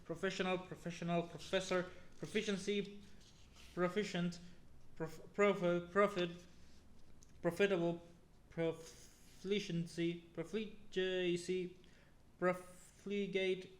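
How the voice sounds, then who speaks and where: A man slowly reading a long list of words aloud one by one, with now and then an exasperated aside. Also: sits high, reverberant. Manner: slow, flat word-by-word reading with exasperated asides. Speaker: youtuber.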